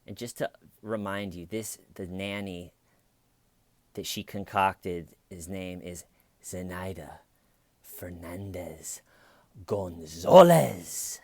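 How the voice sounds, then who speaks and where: A man's voice: sits low, little pitch movement, slow, long pauses, dry recording. A man hosting a comedy channel, giving sarcastic true crime commentary with sighs and mocking asides. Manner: sarcastic, sighing, quoting people in mocking voices.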